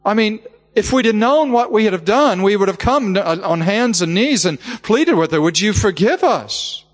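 A man with a high voice delivers a sermon. He tells a family story with heartfelt feeling and often leans on the word "just." His voice rings with the long reverb of a church hall. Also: animated, normal speed. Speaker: preacher.

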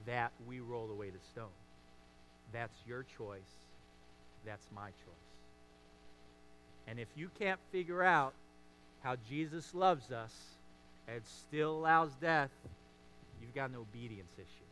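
A man preaching a sermon as a pastor, swinging between hushed, intimate stretches and emphatic, rising passages. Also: medium pitch, takes it slowly, pauses often, a little hiss or hum.

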